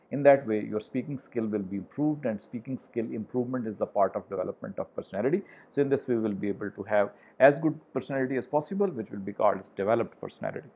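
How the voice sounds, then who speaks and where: Middle-aged male professor with a lowish voice, halting lecture delivery, repeats words slowly for drills. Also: darkish tone. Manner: halting, with frequent uh fillers. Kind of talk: video lecture.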